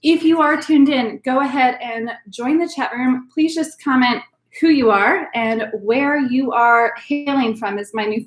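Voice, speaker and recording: A woman hosting a live-streamed virtual wine class, chatty and upbeat, with lots of "um" fillers. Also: fairly high pitch. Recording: roomy echo.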